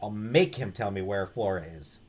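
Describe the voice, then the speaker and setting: A man's voice: on the low side, normal speed, background noise, lightly acted. Man doing a defiant young adventurer. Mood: determined. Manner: urgent, defiant. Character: frantic, stubborn young adventurer.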